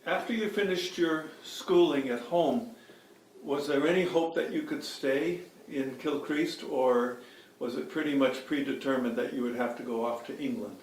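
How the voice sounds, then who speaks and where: A man's voice: medium pitch, moderate pace, slight background noise. Man asking questions in a roomy space. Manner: gentle, prompting questions with fillers. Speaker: interviewer. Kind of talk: oral history interview. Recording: roomy recording with faint ambience.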